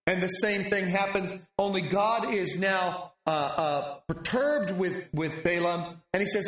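High-voiced male preacher in an echoey room. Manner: animated storytelling, dramatic pauses. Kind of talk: sermon.

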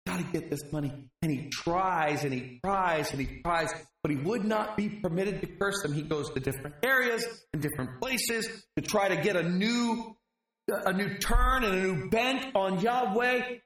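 High-voiced male preacher in an echoey room. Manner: animated storytelling, dramatic pauses. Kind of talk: sermon.

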